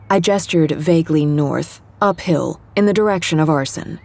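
A young woman reads a first-person story with wry, conversational ease. Her voice is low and breathy-husky, and her telling stays relaxed and dry. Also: normal speed, hardly any pauses. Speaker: narrator. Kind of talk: scripted fiction narration.

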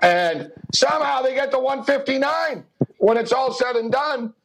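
A man's voice: extremely high pitch, normal speed, gravelly, noisy background. A man hosting a sports betting talk show, telling stories animatedly and acting out the dialogue with laughs. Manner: animated storyteller who acts out dialogue, laughing often. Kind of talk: casual chat.

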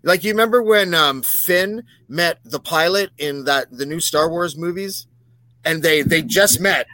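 A man guesting on a podcast, talking in a loose, animated way, swearing and joking with mock aggression. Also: fairly high pitch, measured pace, no echo. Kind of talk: casual chat.

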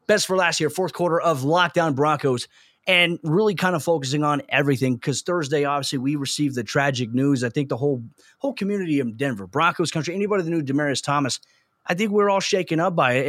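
Man, sports podcast host, earnest and openly emotional, slightly higher voice, dry close sound. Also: a bit bright, no echo. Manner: earnest, emotional, fast-talking. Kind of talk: casual sports podcast chat.

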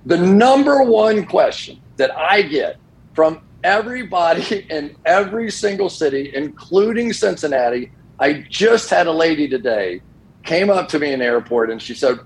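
A man's voice: fairly high pitch, normal speed, poor audio. An older man, a football broadcaster, telling stories casually on a sports talk show and acting out the voices of the people in them. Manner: animated storyteller who acts out quoted dialogue.

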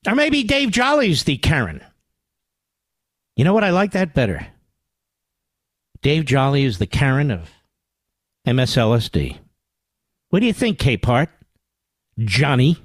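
Here an older political talk radio host speaks at a measured pace with long pauses and big pitch swings, dropping to low growls and rising to high exclamations. His tone is combative, mocking, and sarcastic, and the studio-microphone recording is dry.

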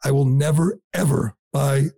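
Gravelly, sarcastic talk radio host man. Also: mid-range voice, fairly even intonation, normal speed, warm tone, no room sound. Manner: sarcastic, blunt and combative. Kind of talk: opinionated talk radio commentary.

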